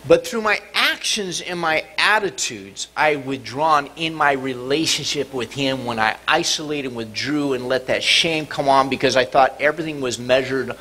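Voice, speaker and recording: A middle-aged man preaching a sermon in church, dramatic and expressive, sometimes acting out cries and shouts. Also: mid-range voice, normal speed, few pauses, slight background noise. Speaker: pastor. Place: church sanctuary.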